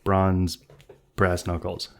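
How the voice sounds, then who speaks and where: A man's voice: low voice, monotone, slow. A man narrating as game master of a tabletop role-playing game, playful and teasing with the players.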